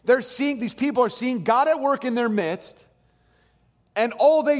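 A man preaching a sermon as pastor, animated, swinging between hushed and loud. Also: very high-pitched, a little slow. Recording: long hall reverb.

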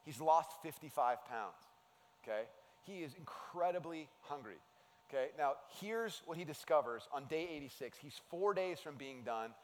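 A man preaching a sermon as a pastor, in an animated, conversational way. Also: a little high, moderate pace. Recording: long hall reverb.

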